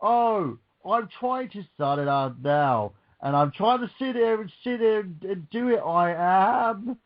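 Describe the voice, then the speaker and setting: A man doing an exaggerated fake Cockney accent with shrill, over-the-top exclamations, mocking an actor's performance. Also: animated, a little slow, highs cut off.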